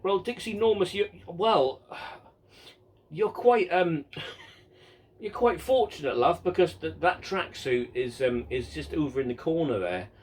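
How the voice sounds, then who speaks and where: A man's voice: fairly high pitch, expressive, measured pace, breathy edge. Chatty, rambling man answering viewer questions. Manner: rambling and chatty, stumbling over repeated words; self-mocking and exasperated. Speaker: model railway hobbyist. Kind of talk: casual vlog Q and A.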